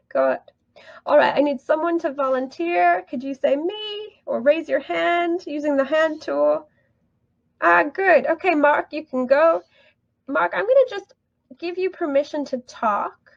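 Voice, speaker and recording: A woman's voice: high-pitched, creaky, no echo. Woman teacher walking a class through a lesson, upbeat encouraging tone, dry dull sound. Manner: upbeat, encouraging, laughs often. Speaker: English teacher. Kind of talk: online teaching tutorial.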